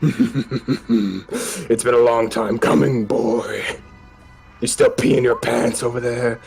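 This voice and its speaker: Gloating undead sea brute, six-armed horror, loud and cruel, played by a man running the game. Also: medium pitch, slow, gravelly, husky, soft background music, heavily acted. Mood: taunting. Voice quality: gloating, shouting threats. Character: monstrous six-armed undead male sea creature, taunting and vicious.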